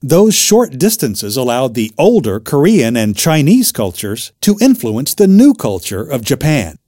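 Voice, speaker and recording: A man reading a textbook chapter aloud in a clear, measured narration. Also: medium pitch, very animated, warm tone, no room sound, clean studio sound.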